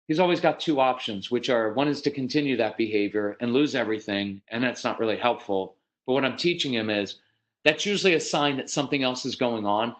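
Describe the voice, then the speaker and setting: A man's voice: mid-range voice, poor audio. A man giving a conversational parenting seminar, talking directly to his audience, asking them questions and acting out quoted dialogue. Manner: animated, acts out quoted dialogue. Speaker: parenting speaker.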